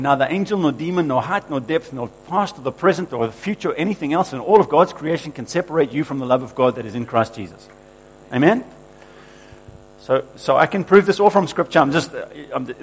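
A man's voice: on the high side, animated, normal speed, slightly rough, poor audio. A man preaching a sermon, emphatic and repetitive, quoting scripture with rising force and asking the room for agreement.

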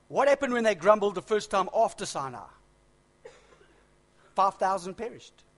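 High-voiced man preaching a sermon. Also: fairly bright tone. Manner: expository preaching, conversational asides and humor.

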